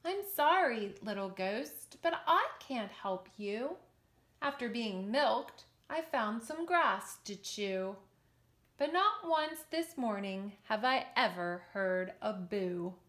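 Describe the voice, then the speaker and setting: A woman's voice: on the high side, sing-song, slow pace, fairly bright tone, roomy sound, full character voice. A woman voicing a friendly, chatty farmyard cow in a children's storybook reading.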